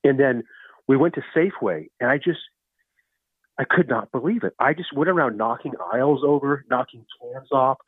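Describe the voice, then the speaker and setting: A man in his fifties, a guest storyteller, tells stories casually in a rambling way with many restarts. His mid-range voice is slightly rough and moves at normal speed. The recording is dry, with a tinny, phone-like line.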